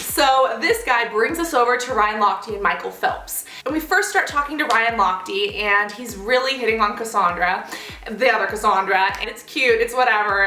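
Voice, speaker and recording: A young woman telling a story on her vlog in a lively way, with big jumps in pitch when she acts out quotes. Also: normal speed, echoey room, low-quality recording. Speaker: vlogger.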